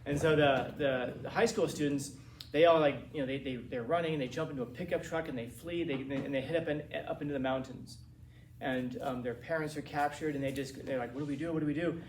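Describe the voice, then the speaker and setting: A man in his forties, a teacher, lecturing a class in a rambling, animated way with many restarts. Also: mid-range voice, fairly quick. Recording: roomy classroom from a distance, faint hiss.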